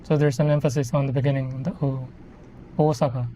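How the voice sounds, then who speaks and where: This fast talker, a person in their thirties from the Philippines, has a mid-range, level, mellow voice with slight background noise. They ramble and self-correct in casual live-stream chat during a model kit build.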